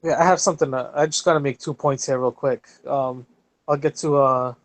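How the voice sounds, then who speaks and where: A man's voice: medium pitch, steady tone, brisk, dry recording. A male podcast co-host chatting casually, full of fillers and losing his train of thought.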